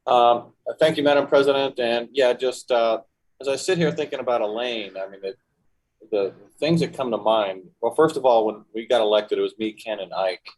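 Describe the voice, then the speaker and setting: A man's voice: medium pitch, normal speed, darkish tone, rough recording. A man city councilor reminiscing in a reflective, hesitant way. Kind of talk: reminiscing tribute at a council meeting.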